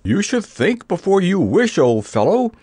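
A man's voice: high-pitched, big pitch swings, measured pace, warm tone, dry recording, pitched above the performer's own voice, heavily acted. A man voicing a kindly, floppy scarecrow who gulps and puffs his words in a storybook reading. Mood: weak. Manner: gulping, breathy, puffing.

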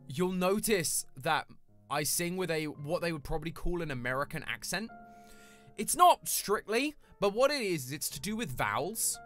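A man's voice: fairly high pitch, a bit bright. A young British man chatting casually with his live chat as a streamer, rambling and friendly in a small home room. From Britain.

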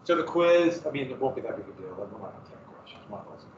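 A man's voice: mid-range voice, big pitch swings, quick pace, slight background noise. A male teacher chatting casually and rambling to his class in a classroom. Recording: echoey room, far from mic, muffled.

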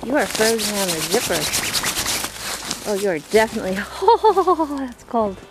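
A woman with a drawl talks her way through snowy woods, breathless and quick to laugh. She chats to herself like she's talking to a friend. The outdoor recording carries a clear hiss of noise from the handheld camera. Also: mid-range voice. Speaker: vlogger. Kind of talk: casual outdoor vlog.

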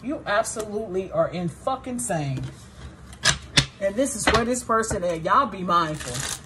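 Heavy background noise surrounds this woman's mid-range voice, which moves with lively intonation at a measured pace. She's a tarot reader talking straight to her audience, blunt and often cursing, her mood shifting from sadness to indignation.

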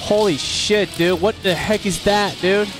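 A man streaming a video game live, shouting excited curses and taunts at the enemies. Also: high-pitched, unhurried, poor audio. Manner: loud excited cursing and taunting. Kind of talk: live gameplay commentary. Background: game music.

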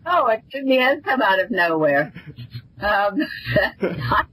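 A woman's voice: mid-range voice, big pitch swings, fairly bright tone, slight background noise, rough recording. An older woman with a South African accent, a former reality show contestant telling stories as a guest in a casual interview. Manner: chatty, rambling, quick to laugh.

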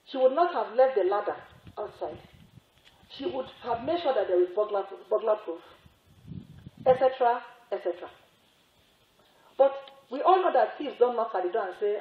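A religious sister giving a sermon, telling a story with repetition and emphatic rising exclamations. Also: female voice, a little high. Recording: echoey, phone-like narrow sound.

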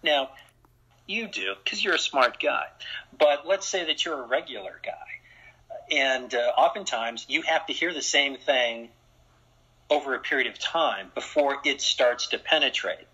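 A man who works as a strength and conditioning coach, a guest in an interview, explaining his views in a measured way. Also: mid-range voice, pushed and bright, slightly rough. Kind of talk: interview conversation. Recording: dull lo-fi sound.

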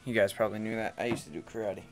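A man's voice: fairly low pitch, racing, soft background music. Rambling, playful male gamer. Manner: rambling, playful, repeats words. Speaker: let's player. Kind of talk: casual game commentary. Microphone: headset.

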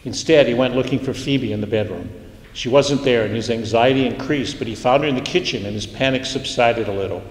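A man reading his literary fiction aloud in a measured, unhurried way, with small slips and restarts. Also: mid-range voice. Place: lecture hall. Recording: echoey hall, roomy reverb.

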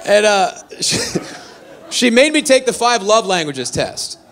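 A man performing a stand-up comedy set, telling animated, self-deprecating stories. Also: high voice, measured pace, a faint crowd. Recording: live venue with faint audience.

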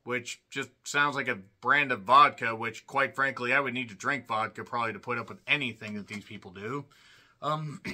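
Bright-voiced sarcastic man reviewing wrestling. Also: mid-range voice. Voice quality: clears throat often. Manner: sarcastic, irreverent, jumps to loud bursts. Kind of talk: casual solo review commentary.

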